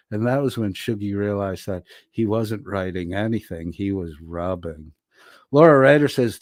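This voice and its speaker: A man's voice: on the low side, darkish tone, no room sound, studio quality. A man hosting a livestream, reading viewer comments aloud with crude jokes and frequent laughter. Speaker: livestream host reading chat. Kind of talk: casual livestream chat reading.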